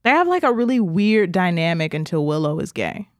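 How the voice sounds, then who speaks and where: A woman's voice: fairly low pitch, big pitch swings, a little fast, no echo, studio quality. A young woman co-hosting a podcast, rambling with lots of fillers in casual chat. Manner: rambling, many fillers and laughs. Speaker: podcast co-host.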